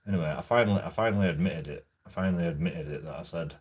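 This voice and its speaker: Man, deep husky voice, halting sweary vlog rant. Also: dull audio. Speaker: vlogger. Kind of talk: casual storytelling monologue.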